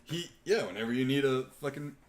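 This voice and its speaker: A young man hosting a live podcast, casually chatting and excitedly retelling a movie with lots of swearing. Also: medium pitch, brisk. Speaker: podcast host. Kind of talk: casual chat on a live stream.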